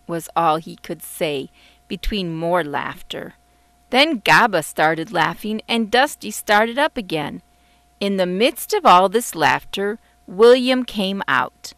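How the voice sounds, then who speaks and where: A woman narrates a children's storybook in an unhurried, gentle way. Her pitch moves freely and expressively. The recording is dry and close. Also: lively intonation, no room sound. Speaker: author reading her book. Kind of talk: audiobook narration.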